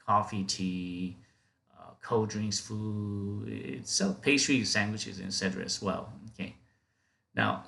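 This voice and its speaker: A man giving an off-the-cuff software training, repeating words, restarting phrases and checking in with "okay?" after each point. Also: on the low side, gravelly. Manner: many fillers and restarts, talking off the cuff. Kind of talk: screen-recorded software training.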